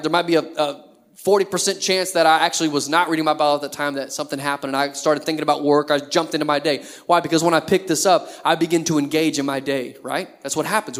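A man's voice: fairly high pitch, a bit bright. A man in his thirties, a pastor preaching a sermon in a conversational way, full of rhetorical questions.

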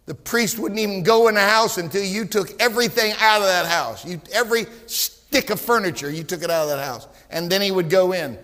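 A man, preaching a fervent sermon with storytelling and shouted emphasis, recorded in a big church with long hall reverb. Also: high-pitched. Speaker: pastor.

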